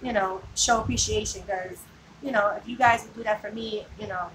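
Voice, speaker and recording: A woman's voice: medium pitch, steady tone, a little fast. Woman chatting to her viewers, lots of "like" and "you know", kinda far from the mic, background noise. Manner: chatty, rambling, laughs often, says "like" and "you know" a lot. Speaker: vlogger. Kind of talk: casual live chat with viewers. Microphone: phone.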